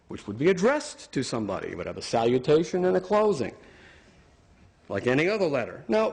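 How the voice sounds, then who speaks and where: A man's voice: on the high side, a little mellow. A man giving an argumentative talk, sarcastic and emphatic as he builds his points. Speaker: speaker.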